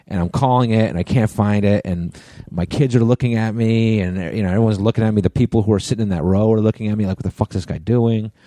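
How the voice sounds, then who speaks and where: A man's voice: fairly low pitch, fairly even intonation, quick pace, hardly any pauses, mellow, no echo. A middle-aged man from the US East Coast, co-hosting a podcast and rambling through a story with lots of swearing. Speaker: podcast co-host. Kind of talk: casual chat.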